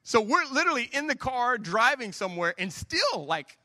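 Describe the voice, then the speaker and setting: A man's voice: very high voice, very animated, moderate pace, few pauses, sharp tone, long reverb tail. Man preaching a sermon. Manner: conversational, self-deprecating storytelling with acted-out dialogue. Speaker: pastor.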